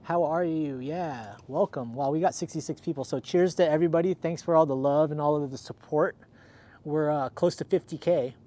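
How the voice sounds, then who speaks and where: A man's voice: a little high, moderate pace, warm tone. A chatty man from Southern California hosts a casual livestream outdoors, upbeat and thanking viewers one by one. He is slightly out of breath. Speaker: livestream host. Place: outdoors in cold weather.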